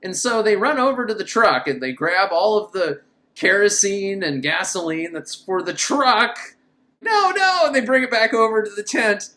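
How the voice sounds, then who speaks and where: A woman's voice: medium pitch, lively intonation, moderate pace, bright, forceful tone. A woman recapping a bad film with sarcastic, incredulous commentary. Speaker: film reviewer. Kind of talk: comedic movie recap.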